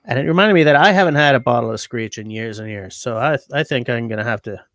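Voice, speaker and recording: A man's voice: mid-range voice, quick pace, fairly bright tone, no echo, clean studio sound. A man hosting a casual livestream, chatting and joking in a rambling way. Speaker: livestream host.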